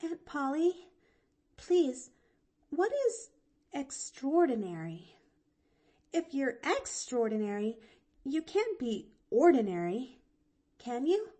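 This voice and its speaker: A woman's voice: high-pitched, very animated, takes it slowly, long pauses, warm tone, pitched above the performer's own voice, heavily acted. Pollyanna, a woman doing an eager little girl. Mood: chattering. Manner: eager, rambling, breathless chatter. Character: cheerful chattering little girl.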